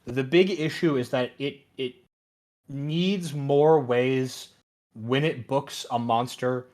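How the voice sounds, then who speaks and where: A young man with a mid-pitched voice talks on a gaming podcast, eager and opinionated. He explains cards at length in a relaxed, conversational way. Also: takes it slowly. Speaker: podcast co-host. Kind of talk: casual card-game chat.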